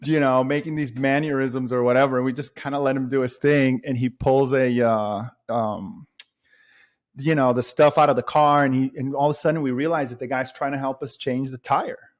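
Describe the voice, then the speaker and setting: A man's voice: mid-range voice, steady tone, normal speed. A man chatting casually as a podcast guest, rambling with lots of fillers and restarts as he tells a story.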